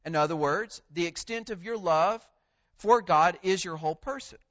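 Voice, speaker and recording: A man preaching a sermon, measured and emphatic, pausing on key words. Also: high voice, a bit bright, dull audio.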